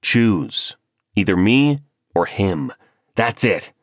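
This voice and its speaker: A man's voice: lowish voice, lively intonation, slow, no echo, clean studio sound. A man doing an exasperated coal miner husband. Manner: indignant, pleading.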